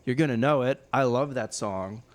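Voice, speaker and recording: A man, a DJ guest on a podcast, talking in a relaxed, rambling, self-deprecating way. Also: mid-range voice, moderate pace. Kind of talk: casual podcast chat.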